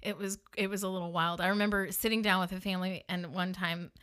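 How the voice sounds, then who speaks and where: A woman with a Northern US accent tells her story to the camera in a loose, chatty way. Her voice is bright and forward, and she keeps dropping in "like" and "you know.". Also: on the low side, little pitch movement, fast talker. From northern United States. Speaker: funeral director telling her story.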